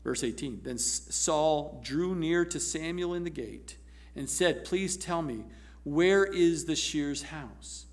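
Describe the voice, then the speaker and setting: Pastor type, male, fairly high voice, lively sermon delivery with bursts of laughter. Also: slow. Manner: animated, laughing, acting out scripture voices.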